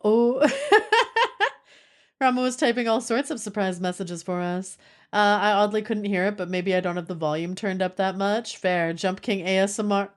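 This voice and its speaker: A woman's voice: medium pitch, fairly even intonation, normal speed, clear, resonant tone. A woman streamer chatting casually with her live audience, playful and laughing often.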